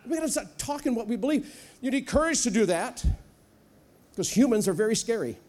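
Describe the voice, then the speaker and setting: A man preaching a sermon as a guest speaker in a church, animated and humorous, acting out little voices as he goes. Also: very high voice, fairly quick. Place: church sanctuary.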